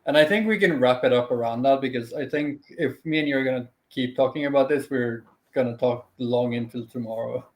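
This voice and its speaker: A man's voice: mid-range voice, normal speed. A man co-hosting a casual chat, talking in a thoughtful, hesitant way that wanders mid-sentence. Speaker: co-host. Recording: echoey room.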